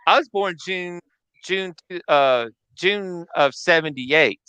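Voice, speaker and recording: A man in his forties casually telling a family ghost story, pausing and restarting as he remembers. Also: high-pitched, pushed and bright, clear, resonant tone, no room sound. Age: 40s. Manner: halting, restarts while recalling memories.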